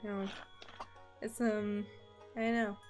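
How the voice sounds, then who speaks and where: A woman's voice: medium pitch, level tone, slow pace, a little mellow, faint music behind. A woman streamer with a mixed Canadian and American accent chatting casually, breaking into giggles often between phrases. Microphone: desk microphone.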